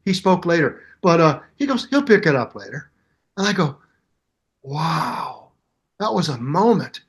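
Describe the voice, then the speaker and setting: Animated storytelling older man. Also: a little high, a little fast. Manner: acts out both sides of the story in voices, lively. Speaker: guest musician.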